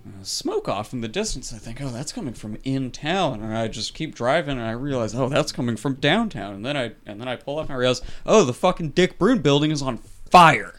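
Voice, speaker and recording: A man of middling pitch co-hosts a casual podcast. He rambles easily through his stories, swearing now and then. His pace is relaxed and unhurried. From California. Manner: laid-back rambling storyteller, swears casually. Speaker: podcast co-host.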